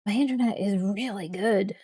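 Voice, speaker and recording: A woman's voice: medium pitch, normal speed, warm tone, husky. A woman streaming a video game, chatting casually to her viewers, apologetic and swearing now and then. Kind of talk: casual livestream chat.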